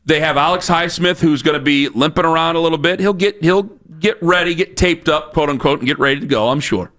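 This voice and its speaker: A man's voice: fairly high pitch, brisk, fairly bright tone. A man hosting sports talk radio, ranting in a fired-up, repetitive, challenging way on a studio microphone.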